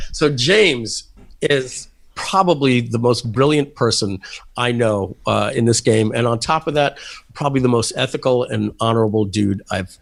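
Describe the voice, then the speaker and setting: A man telling stories as a podcast guest, lively, and acting out the people in them. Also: medium pitch, measured pace, creaky. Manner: animated storyteller, acting out voices. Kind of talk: casual storytelling interview.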